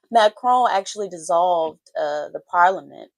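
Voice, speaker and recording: A woman's voice: on the low side, animated, measured pace, no echo. A woman co-hosting a morning talk show, explaining the news in a wry, conversational way with many fillers. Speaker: co-host. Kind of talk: casual political chat on a morning show.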